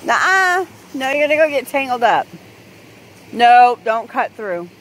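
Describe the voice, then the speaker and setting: A woman's voice: fairly high pitch, expressive, measured pace, a little hiss or hum. An older woman chatting casually outdoors by a creek and calling out to her dog, recorded on a handheld camera. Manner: chatty, laughs often, calls out to her dog. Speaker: vlog host, dog owner. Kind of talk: casual outdoor vlog chat.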